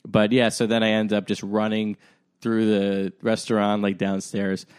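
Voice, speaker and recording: A man's voice: lowish voice, flat delivery, normal speed, darkish tone, clear, resonant tone, dry recording, clean studio sound. A young man co-hosting a podcast, telling a rambling, self-deprecating story in a casual way, full of "like" and "um". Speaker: podcast co-host.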